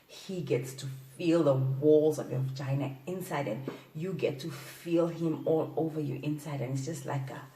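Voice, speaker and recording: Woman host, giggly and playful, slightly low voice, sitting back from the mic. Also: steady tone, normal speed, warm tone, far from the mic. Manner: giggly, playful, breathy exclamations. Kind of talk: casual sex-advice talk. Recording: echoey room, off-mic.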